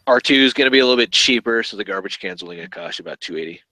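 A man's voice: on the low side, animated, rapid-fire, sharp tone, no echo, poor audio. A man hosting a podcast, chatting casually and thinking aloud with fillers about collectible toys. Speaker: podcast host.

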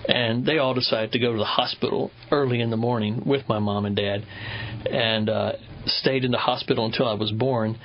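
A man's voice: mid-range voice, steady tone, highs cut off, slight background noise. A man from Kentucky in his fifties, a river scientist guesting on a radio interview, telling stories thoughtfully with frequent restarts. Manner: thoughtful, unhurried storytelling with restarts.

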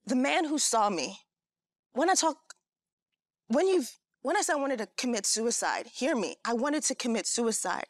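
A woman's voice: on the high side, lively intonation, moderate pace, no room sound. A woman sharing an earnest personal testimony as a talk show guest, storytelling and acting out what people said. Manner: earnest, storytelling, acts out quoted voices.

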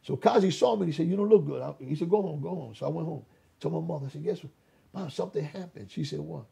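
An older man with a very raspy voice, giving an animated personal testimony as an interview guest, acting out dialogue and restarting his sentences often. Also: on the high side, fast. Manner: re-enacts dialogue, repeats words and restarts often. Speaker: interview guest, former gang leader.

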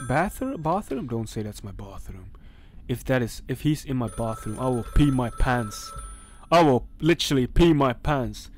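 A young man playing a horror game and commentating, jumpy and talking back to the characters on screen. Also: on the high side. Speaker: gaming channel host. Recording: faint background noise.

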